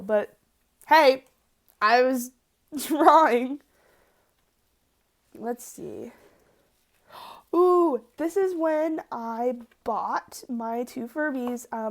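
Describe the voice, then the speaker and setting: A young adult woman talking through her sketchbook in a casual vlog, rambling and excitable, laughing often and swearing casually. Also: on the high side. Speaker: art student vlogger.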